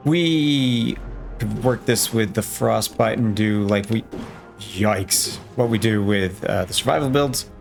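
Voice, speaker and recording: A man with a fairly low voice talks his way through a game run in a loose, rambling way. He keeps tossing in playful, self-joking asides, and faint music plays under his voice. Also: slow, creaky. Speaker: let's play gamer. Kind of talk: casual gameplay commentary.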